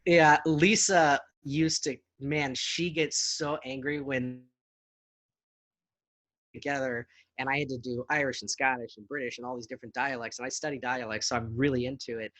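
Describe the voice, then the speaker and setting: Actor guy in his 40s, chatty and animated, dry close mic. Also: medium pitch, moderate pace, dry recording. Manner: animated, laughs easily, slips into accents for jokes. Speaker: actor and podcast producer, guest. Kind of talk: casual interview chat.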